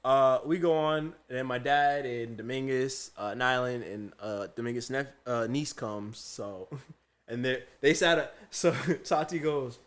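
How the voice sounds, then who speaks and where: A young man who works as a chef and co-hosts a podcast tells a story in casual conversation, his mid-range voice moving at a measured pace. He's an animated storyteller who acts out the people he quotes and frequently breaks into laughter.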